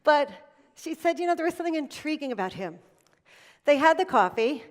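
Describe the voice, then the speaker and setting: A middle-aged woman giving a motivational keynote at an event, telling stories with dramatic pauses. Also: sits high. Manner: animated storytelling with dramatic pauses. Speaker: motivational speaker. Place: event hall.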